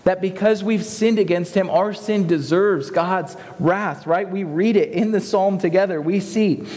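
A man's voice: high-pitched, measured pace, darkish tone. A young adult man preaching a sermon earnestly, building to emphatic passages. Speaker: pastor. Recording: long reverb of a hall.

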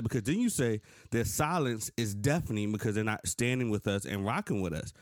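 A man's voice: a little fast, hardly any pauses. A man in his thirties, co-hosting a podcast, who talks earnestly and tells stories with feeling. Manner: earnest, animated storytelling, rising pitch when frustrated. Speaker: podcast co-host. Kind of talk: casual conversation.

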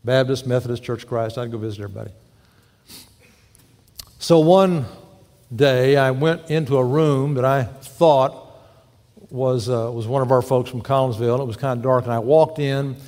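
A man's voice: mid-range voice, moderate pace, long pauses, darkish tone. A male pastor preaching a sermon, telling folksy stories and putting questions to the congregation. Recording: long echo of a large hall.

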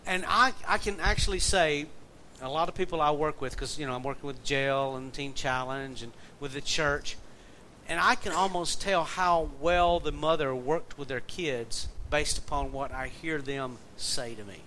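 A man preaching in an easy, folksy way, his voice sitting a little high for a man. He weaves stories and wry jokes into the message. A faint hiss sits under the recording. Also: normal speed, pushed and bright, low-quality recording. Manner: folksy, storytelling, joking asides. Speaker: pastor and jail minister. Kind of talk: conversational sermon.

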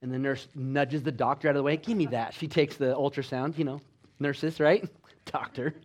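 A man preaching a sermon with exhortations, swinging between loud emphatic lines and quiet low ones. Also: flat delivery, normal speed. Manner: exhorting, with call-and-response asides. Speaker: pastor.

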